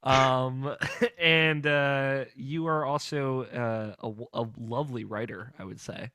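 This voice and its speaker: A man's voice: medium pitch, fairly even intonation, slow, sharp tone, clear, resonant tone, no echo, clean studio sound. A young man hosting a podcast in casual, rambling chat, laughing often. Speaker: podcast host.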